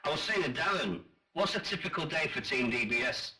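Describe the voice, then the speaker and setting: A man's voice: on the high side, expressive, fairly quick, sharp tone, soft background music. A man in his forties with a Northern English accent, hosting a chat radio show with boisterous, teasing banter and casual swearing. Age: 40s.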